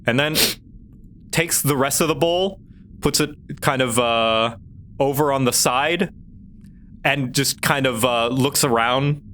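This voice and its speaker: A man's voice: medium pitch, takes it slowly, long pauses, a bit bright, a little hiss or hum. Man narrating as game master. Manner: loose, hesitant narration full of "kind of" and "uh".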